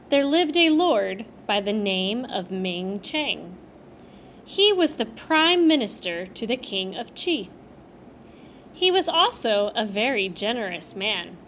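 A woman reading a folktale aloud as storybook narration, slow and expressive. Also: on the high side, slight background noise.

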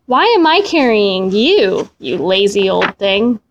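A woman voicing a lazy young boy with a high, whiny boyish voice. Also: sing-song, takes it slowly, lo-fi sound.

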